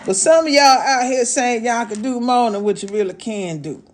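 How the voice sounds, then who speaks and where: A woman's voice: a little high, normal speed. A woman hosting a casual live stream as an astrologer, talking to viewers in a sassy, motherly way and scolding and teasing them as their elder mama. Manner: sassy, motherly, calls viewers "babies" and "y'all", scolds and teases; talks as an elder mama persona. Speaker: livestream host and astrologer.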